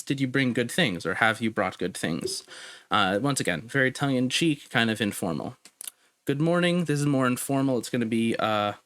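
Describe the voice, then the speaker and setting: A young man teaching a made-up language in a casual, halting way, full of ums and uhs, slowing right down to sound out each phrase. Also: medium pitch, fairly bright tone. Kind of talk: casual recorded language lesson.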